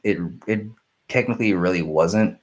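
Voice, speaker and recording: A man's voice: lowish voice, moderate pace. A young man hosting a casual live stream, rambling and apologetic as he answers viewer questions. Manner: rambling, self-interrupting, apologetic.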